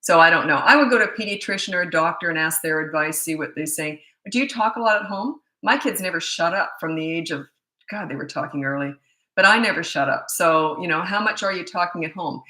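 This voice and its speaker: A middle-aged woman rambles through parenting questions, talking in a loose, chatty flow that keeps doubling back mid-thought. Her voice sits fairly low for a woman yet has a bright, forceful edge. The room around her rings with a roomy echo. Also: fairly quick. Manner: rambling, chatty, often restarts sentences. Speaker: parenting coach. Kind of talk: casual Q&A answering viewer questions.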